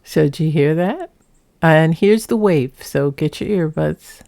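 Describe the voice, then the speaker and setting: A woman's voice: sits low, measured pace, vocal fry, warm tone. A woman narrating her own home footage in a chatty, rambling way, laughing now and then. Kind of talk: casual voice-over narration.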